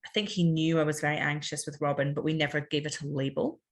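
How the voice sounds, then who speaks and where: A woman's voice: deep voice, flat delivery, fast talker. A Scottish woman in her thirties, a podcast guest talking candidly and animatedly, full of fillers and quoted asides. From Scotland. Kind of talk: candid conversational interview.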